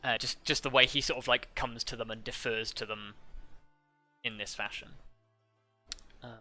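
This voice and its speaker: A man's voice: mid-range voice, steady tone, normal speed, pushed and bright, faint music behind. A man narrating a tabletop game as game master, rambling with many fillers and restarts.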